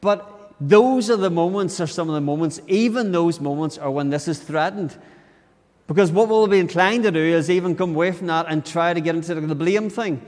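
A man's voice: fairly high pitch, moderate pace, darkish tone. Earnest male preacher in an echoey hall. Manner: earnest and conversational, with many restarts. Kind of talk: sermon. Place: church during a service.

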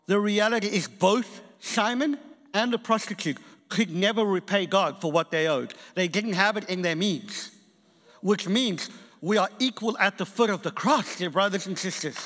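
A man with a high voice preaches a sermon, telling a story and acting out the people in it. His voice rings out with a long reverb from a large church hall. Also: moderate pace. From England and South Africa. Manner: animated storytelling preacher, acts out quotes.

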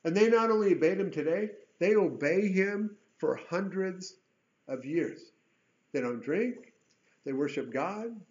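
Man, Bible teacher, fairly high voice, casual asides between verses, muffled lo-fi sound. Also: animated, a little slow, a little mellow. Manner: conversational, with chatty asides between read verses. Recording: dull lo-fi recording.

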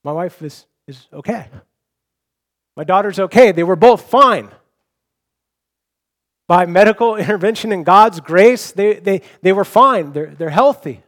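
A man's voice: high voice, animated, unhurried, long pauses. A young adult man preaching a sermon, earnest and personal, often restarting with repeated words. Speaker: pastor.

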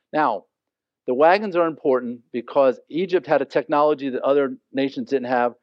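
A man's voice: mid-range voice, normal speed, no room sound, highs cut off. A man preaching a sermon, reading Bible verses aloud and explaining them in a conversational way. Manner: reads scripture aloud then explains it conversationally. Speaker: pastor.

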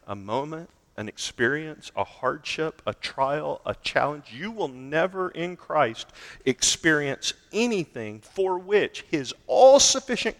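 Guy preaching a sermon, mid pitch, big echoey hall, goes loud then drops real quiet. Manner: emphatic preaching with wide swings from loud to quiet. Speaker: pastor.

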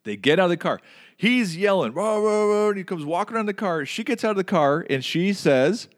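A man hosting a podcast, chatting casually and telling stories with animated, acted-out scenes. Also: high voice, fairly quick. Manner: animated storyteller, acts out scenes. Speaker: podcast host. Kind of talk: casual chat.

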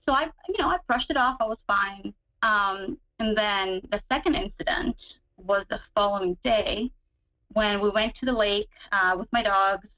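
Woman guest, casual storyteller, chatty with fillers, pitch jumps on dramatic bits; dull lo-fi audio. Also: normal speed. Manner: chatty, many fillers, relives moments with sudden higher pitch. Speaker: guest describing her relationship.

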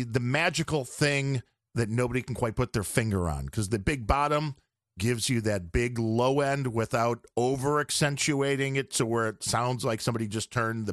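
A man's voice: medium pitch, no echo, clean studio sound. A man guesting on a podcast, chatting casually and rambling on about audio gear.

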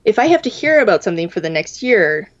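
A woman's voice: mid-range voice, sing-song, fast. A woman in her thirties telling a long story in a casual podcast chat, rambling with lots of fillers. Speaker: podcast co-host. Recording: dull lo-fi sound.

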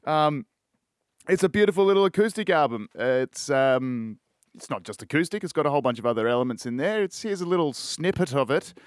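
A man's voice: fairly high pitch, expressive, fairly quick, no room sound, clean studio sound. A young Australian man hosting a podcast, rambling casually about music and swearing often. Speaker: podcast host. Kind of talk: casual music-review chat.

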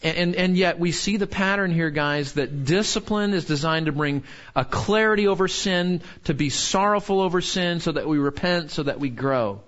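A man preaching a sermon in an earnest way, rising high when he quotes and dropping low when he turns somber. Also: moderate pace, a bit bright, dull audio. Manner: earnest, rises sharply when quoting and falls low when somber. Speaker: pastor.

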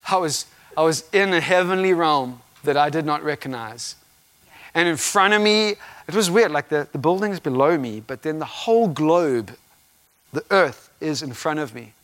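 A man preaching a sermon, telling a personal story with animated, laughing acted-out reactions. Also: fairly high pitch. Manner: animated storytelling, acts out his own reactions with laughing outbursts.

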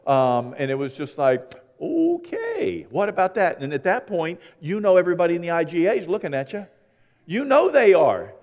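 A man preaching a sermon, telling folksy stories and swinging between hushed and loud, animated delivery. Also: sits high, moderate pace. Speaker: pastor. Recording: long hall reverb.

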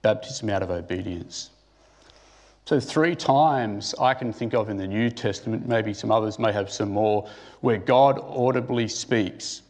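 A man's voice: fairly low pitch, a little slow, darkish tone. A man giving a conversational sermon who asks his listeners questions and thinks aloud with restarts. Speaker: preacher.

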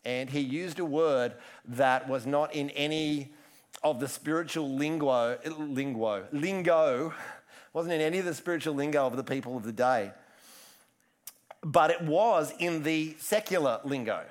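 Chatty pastor, slightly high voice. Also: male voice, normal speed. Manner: chatty, self-interrupting, joking asides. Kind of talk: sermon.

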